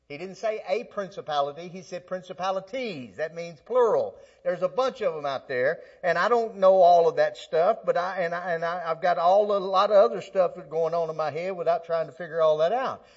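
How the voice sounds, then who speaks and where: High-voiced preacher, lo-fi. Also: male voice. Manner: conversational preaching with frequent restarts, rising to emphatic peaks. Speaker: pastor. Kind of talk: sermon. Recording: slightly dull lo-fi sound.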